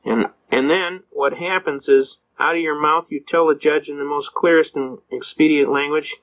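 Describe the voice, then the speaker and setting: A man's voice: fairly high pitch, fairly even intonation, moderate pace, hardly any pauses. An older man, an attorney, lecturing and telling folksy courtroom stories in which he acts out the judge, the cop and the defendant, chuckling as he goes. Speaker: constitutional attorney speaker. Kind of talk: anecdotal lecture with acted quotes. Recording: dull lo-fi recording.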